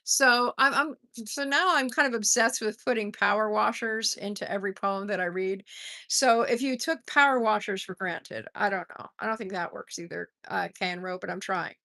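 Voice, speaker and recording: A woman's voice: mid-range voice, moderate pace, bright, forceful tone. A middle-aged woman hosting a poetry livestream, reading poems aloud and chatting with viewers, greeting them by name and laughing at herself.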